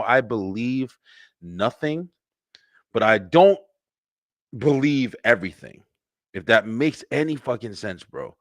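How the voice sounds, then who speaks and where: A man hosting a webshow, talking in a rambling, profane, animated livestream monologue with lots of fillers and repeats. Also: lowish voice, no echo, studio quality. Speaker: webshow host.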